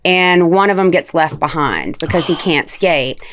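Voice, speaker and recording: A woman's voice: low-pitched, normal speed, fairly bright tone, a little hiss or hum. A woman from the American South, a podcast guest, chatting and telling stories with laughing impressions. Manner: chatty, laughing storyteller who mimics voices. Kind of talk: casual interview chat.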